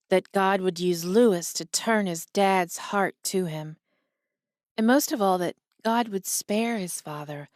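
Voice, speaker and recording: A woman's voice: medium pitch, dry recording. Woman narrating an audiobook, dry and close. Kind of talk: scripted narration.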